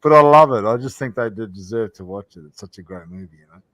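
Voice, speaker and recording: A man co-hosting a casual livestream from a computer mic on a video call, loud and sweary, laughing often as he tells stories. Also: fairly low pitch, expressive, quick pace, dry recording. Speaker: livestream co-host.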